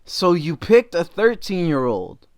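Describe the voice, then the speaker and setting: A man talks through a reaction video in casual commentary. His voice is smooth and clean, and the sound is dry and close. He is blunt and swears often. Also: high voice, very animated, measured pace, no echo. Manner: blunt and profane, with many fillers.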